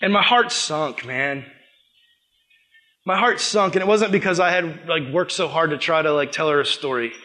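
A young man as youth pastor, preaching a sermon with animated storytelling that acts out the dialogue. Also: fairly high pitch, moderate pace.

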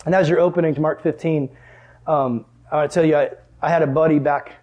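High-voiced, animated young preacher. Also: male voice, fast, highs cut off. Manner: animated, jokey, acts out dialogue with big pitch jumps. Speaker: youth pastor. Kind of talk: sermon with storytelling.

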